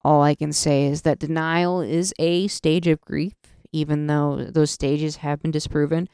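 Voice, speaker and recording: A woman podcast host rants slowly and emotionally into a studio mic, swearing freely and breaking off to start her sentences again. Her voice has a gravelly fry under a smooth, resonant tone. The sound is close and dry. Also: low-pitched, little pitch movement, warm tone, no echo. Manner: emotional, profane, halting with repeated restarts. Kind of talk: solo podcast rant.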